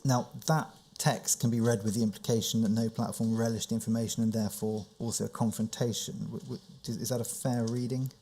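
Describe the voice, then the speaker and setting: A male counsel questions a witness at a formal hearing, speaking in a measured and careful way. He reads out document references and puts each question precisely. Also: mid-range voice, steady tone, warm tone, a little hiss or hum. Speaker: inquiry counsel.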